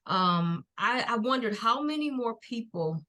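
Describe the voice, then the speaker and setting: A middle-aged woman, a podcast guest and nonprofit founder, telling her personal story in an earnest, faith-filled and unhurried way. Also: a little high, expressive, bright, forceful tone. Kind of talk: personal testimony in a podcast interview.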